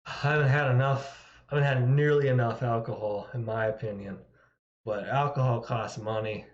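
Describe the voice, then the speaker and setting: A man's voice: mid-range voice, fairly even intonation, moderate pace. A man chatting casually with viewers on a live stream, rambling and self-mocking and laughing often, from home. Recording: roomy, dull lo-fi sound.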